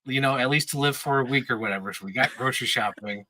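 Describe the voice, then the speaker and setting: A man in his thirties talks quickly in a pushed, bright, mid-range voice, spinning casual, rambling stories as a podcast regular. He laughs often and swears without restraint. There's no echo, but the recording quality is low.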